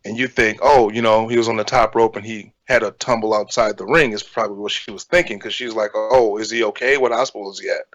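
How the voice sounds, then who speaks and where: Man, wrestler, podcast co-host, plain casual explaining, low pitch. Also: fairly even intonation, quick pace, hardly any pauses, fairly bright tone, low-quality recording.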